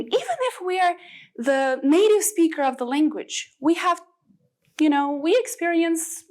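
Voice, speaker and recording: Slow, high-voiced woman giving a motivational talk. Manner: expressive, rhetorical questions, deliberate pauses. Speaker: English teacher educator. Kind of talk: motivational speech.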